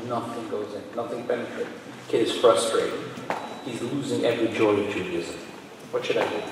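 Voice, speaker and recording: A man quietly voicing a worried mother who pleads for her youngest son, in a storytelling talk in an echoey hall. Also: medium pitch, takes it slowly, distant mic, background noise, lightly acted. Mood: pleading.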